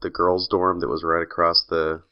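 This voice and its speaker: Man, podcast co-host, casual chat, wry teasing, very low voice, dull recording. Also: level tone, normal speed, clear, resonant tone.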